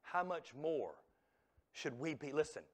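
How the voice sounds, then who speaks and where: Male revival preacher, higher-pitched voice, booming one moment and hushed the next, church sanctuary. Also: animated, a little slow. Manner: swings from loud exhortation to hushed near-whisper. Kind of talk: revival sermon.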